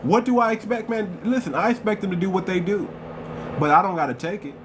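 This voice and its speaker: Man, livestream host, confrontational, repetitive, slightly high voice, noisy background. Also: fast. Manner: confrontational, repeats phrases for emphasis. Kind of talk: heated live-stream commentary.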